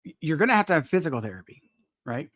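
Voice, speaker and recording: A man's voice: a little high, big pitch swings, very fast, fairly bright tone. A man hosting a casual live chat, polite and hesitant, restarting his sentences often. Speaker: host.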